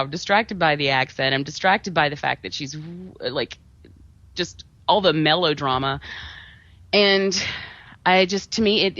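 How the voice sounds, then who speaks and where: A woman co-hosting a podcast, chatting casually about a movie in an animated way, laughing often and trailing off into restarts. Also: low-pitched, no echo. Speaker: podcast co-host. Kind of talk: casual movie review chat. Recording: dull lo-fi podcast audio.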